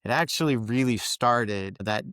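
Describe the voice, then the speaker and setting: Blunt, foul-mouthed man, smooth voice. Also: medium pitch, a little slow, fairly bright tone, no room sound, studio quality. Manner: blunt, swears freely. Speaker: veteran guest. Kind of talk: candid podcast conversation.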